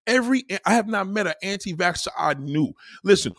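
A man's voice: a little high, sing-song, fast talker, slightly rough, no echo, studio quality. A man ranting heatedly in a profane, repetitive monologue to his audience.

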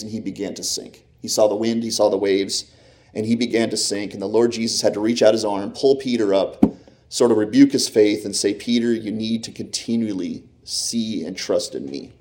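A man of middle pitch leads a relaxed Bible teaching. He retells scripture stories with an animated, storytelling manner and casual fillers. He speaks like a teacher talking with his group rather than preaching at them. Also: slight background noise.

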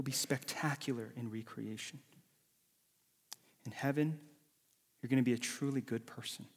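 A man preaching a sermon as a pastor, dramatic, swinging from loud calls to hushed whispers. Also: mid-range voice, steady tone, moderate pace, pauses often, slightly rough. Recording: long reverb of a large hall.

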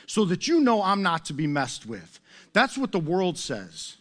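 A man's voice: high-pitched, wildly swooping pitch, unhurried, a bit bright. A middle-aged man preaching a sermon as pastor, conversational and full of rhetorical questions and self-mocking humor.

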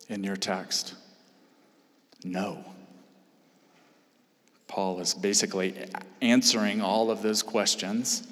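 A man preaching a sermon in earnest, building to emphatic peaks. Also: on the low side. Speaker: pastor. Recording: long hall reverb.

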